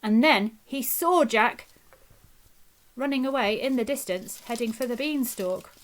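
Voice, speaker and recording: A woman telling a children's story in an expressive, dramatic way. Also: a little high, a little slow. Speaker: nursery teacher storyteller.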